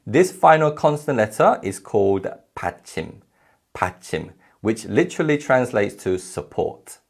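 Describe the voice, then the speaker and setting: A man teaching a recorded language lecture, explaining clearly and slowly enough to follow, repeating example sounds. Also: medium pitch, sing-song.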